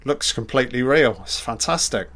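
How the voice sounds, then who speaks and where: A man's voice: mid-range voice, expressive, normal speed, a bit bright. A man giving casual film commentary in short, admiring remarks, swearing often.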